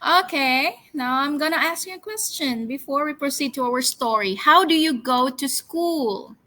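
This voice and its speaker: A woman teaching English to young children, speaking slowly and clearly, drilling words for them to repeat and praising them. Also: sits high, animated, bright, forceful tone, rough recording. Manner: slow, clear, encouraging, drills words for repetition. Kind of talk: classroom storytelling lesson for children.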